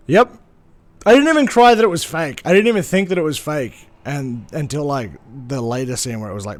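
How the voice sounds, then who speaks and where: A male streamer talking casually to his viewers from his desk mic. His voice sits a little high and swings widely in pitch as he rants, swears freely, and then apologizes in a rush. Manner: animated ranting, swearing, quick apologies. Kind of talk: casual live-stream chat.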